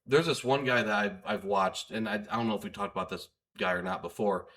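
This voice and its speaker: A man co-hosting a podcast in a casual chat, relaxed and teasing, often pausing with fillers. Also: on the low side. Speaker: podcast co-host.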